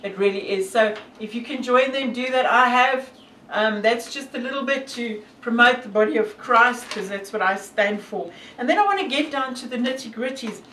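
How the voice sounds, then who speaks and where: A woman's voice: fairly high pitch, normal speed, fairly bright tone, roomy sound, distant mic, slight background noise, low-quality recording. A woman from South Africa with a South African accent, talking earnestly and devoutly to camera with many fillers. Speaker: hiker and vlogger. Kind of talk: casual talk to camera.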